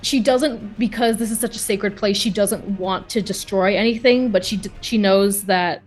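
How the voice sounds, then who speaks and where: Zögernde Spielerin am Rollenspieltisch. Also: female voice, mid-range voice, moderate pace, soft background music. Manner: hesitant, full of fillers and restarts. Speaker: player. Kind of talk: playing a tabletop game.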